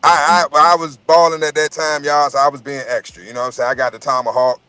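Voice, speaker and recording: A man's voice: on the high side, flat delivery, quick pace, pushed and bright, smooth, dry recording. A man in casual chat, telling profane, rambling stories and repeating his words as he goes.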